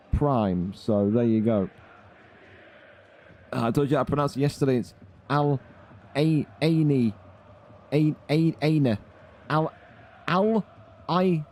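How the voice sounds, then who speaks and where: A man's voice: on the high side, dark tone. A young man chatting casually on a live stream, running a gaming league. He is blunt and swears freely.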